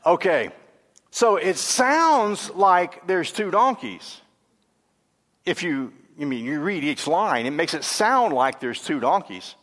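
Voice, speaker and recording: Man, sermon, conversational and animated, slightly high voice, long hall reverb. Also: slow. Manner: lively, swings from animated questions to hushed gravity; self-correcting, laughs at own stumbles. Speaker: preacher.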